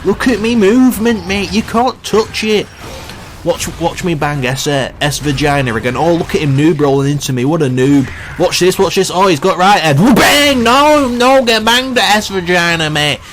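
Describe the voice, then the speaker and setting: A man's voice: high-pitched, animated, normal speed, fairly bright tone, slight background noise, pitched above the performer's own voice. A man playing a cocky young male gamer who brashly trash-talks opponents in a live game, calling everyone mate. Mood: taunting. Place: at home on a gaming mic.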